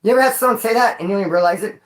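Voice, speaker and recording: A man from Bakersfield, California telling rowdy stories in casual street slang to his viewers, cursing and sometimes yelling. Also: high voice, very fast. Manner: profane, animated street slang, bursts of yelling. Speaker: vlogger. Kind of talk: casual storytelling to a live chat. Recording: echoey room.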